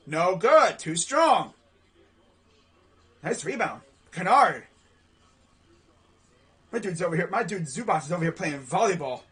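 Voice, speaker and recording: A young man calls a basketball game live from his home setup, his high, husky voice leaping all over the place as he reacts. He talks in loose slang and gets loud and heated whenever a shot misses. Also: moderate pace. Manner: excitable, slangy, yells at missed shots. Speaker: play-by-play streamer. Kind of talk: live sports play-by-play reaction.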